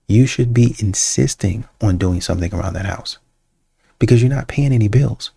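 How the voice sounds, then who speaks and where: Brief: dark, raspy male reaction commentator, animated and mocking. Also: on the low side, normal speed. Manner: animated, acts out quoted voices.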